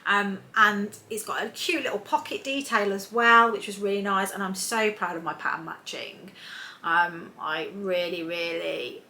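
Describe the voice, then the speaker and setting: A woman's voice: medium pitch, fairly even intonation, a little slow, slight background noise. A woman chatting casually on her sewing vlog, rambling along with lots of ums and restarts. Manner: rambling, warm-hearted, many ums and restarts. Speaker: sewing vlogger.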